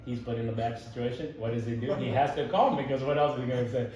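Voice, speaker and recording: A young man tells stories in a casual conversation, getting animated, laughing at his own tales, and dropping plenty of "like" and "dude." His voice is medium-pitched, mid-range for a man, and he talks quickly. The mic sits well away from him in an echoey room, so the sound is roomy, with a faint hiss underneath.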